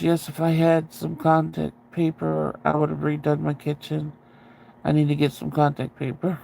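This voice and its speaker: A man's voice: fairly high pitch, vocal fry, darkish tone, a little hiss or hum. A man hosting a livestream, chatting casually with his viewers in a rambling way, restarting sentences and laughing at himself, into a sensitive close microphone. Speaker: livestream host.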